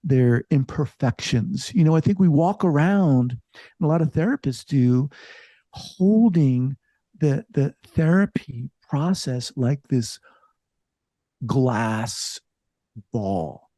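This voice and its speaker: A middle-aged man, a psychologist, talking reflectively in an interview, halting and restarting as he thinks aloud. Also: medium pitch, no room sound. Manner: reflective, halting, many restarts, lively emphasis. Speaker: psychologist and podcast host, guest here. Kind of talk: casual interview conversation.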